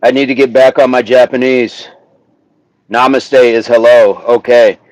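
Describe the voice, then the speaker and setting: A man hosts a relaxed livestream outdoors, talking at an unhurried pace in a middle-pitched voice. He reads chat aloud and sounds out words carefully. The sound is dry and close. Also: no echo, lo-fi sound. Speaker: livestream host. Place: outdoors, windy, a tree behind him.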